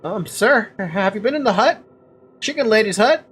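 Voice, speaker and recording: A woman's voice: mid-range voice, lively intonation, normal speed, a little hiss or hum, voice pushed up, close to an everyday voice. A woman doing a stuttering timid violinist man. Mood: pleading. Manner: heavy stutter, pleading. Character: timid stuttering male village violinist, lovesick.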